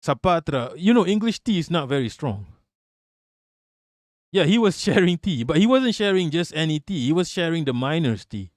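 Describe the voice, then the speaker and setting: A man from Malaysia hosting a livestream, telling stories in an animated, swearing, casual way. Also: on the high side, moderate pace, no room sound, studio quality. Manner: animated, profane storytelling. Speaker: livestream host.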